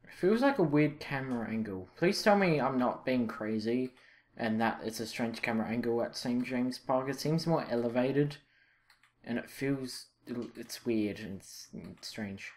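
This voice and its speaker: A young man commentating his own football video game, reacting loudly and with frustration to misses and saves. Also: mid-range voice, measured pace. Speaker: gaming channel host. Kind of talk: live gameplay commentary.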